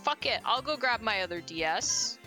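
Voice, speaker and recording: A young adult woman telling animated stories and laughing often while chatting casually on a group stream. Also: on the high side, moderate pace, faint music behind. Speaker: streamer shiny hunting.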